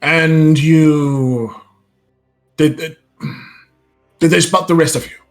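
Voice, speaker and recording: A man's voice: on the high side, fairly even intonation, slow, soft background music, pitched above the performer's own voice. A man voicing a stern male guard captain who questions the adventurers bluntly and skeptically.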